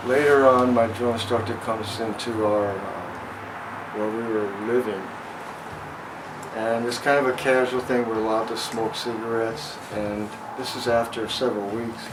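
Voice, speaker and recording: A man in his sixties from Los Angeles recounts his memories in a frank, storytelling way during a home interview. His voice sits at an ordinary pitch for a man. It is picked up from a distance, with a steady air conditioner hum underneath. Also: normal speed. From Los Angeles, USA. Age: 60s. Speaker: veteran interviewee. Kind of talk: oral history interview.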